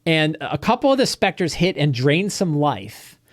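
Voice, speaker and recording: A man, the game master, recapping a tabletop game session in a rambling, animated storytelling way. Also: fairly high pitch, normal speed, no echo, studio quality. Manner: rambling, animated storytelling with quoted character lines.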